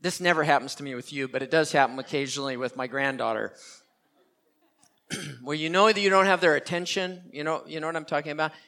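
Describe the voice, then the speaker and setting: A man's voice: on the high side, fast talker, sharp tone. An older man preaching a sermon as pastor, earnest and repeating key phrases for emphasis.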